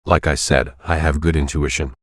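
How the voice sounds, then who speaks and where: A man voicing a calm, knowing priest who speaks in measured, cryptic phrases in an audiobook. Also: very deep voice, dry recording, clean studio sound.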